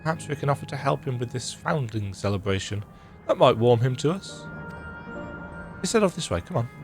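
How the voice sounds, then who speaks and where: A man's voice: mid-range voice, lively intonation, a little fast, music in the background. A man casually commenting on a game he is playing, reading dialogue aloud in a playful, jokey way. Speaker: gaming video creator.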